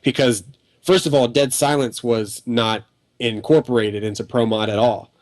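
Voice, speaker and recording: A young man chats casually about games, circling his points with restarts and fillers. His voice sits at a middling pitch and sounds dry and close, with no room around it. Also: fairly even intonation, normal speed, a little mellow, no echo. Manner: rambling, many restarts and fillers. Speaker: podcast panelist. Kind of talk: casual gaming podcast chat.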